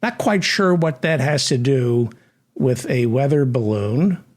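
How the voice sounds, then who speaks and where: A man hosting a satirical comedy news show, delivering sardonic, deadpan asides. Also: medium pitch, unhurried.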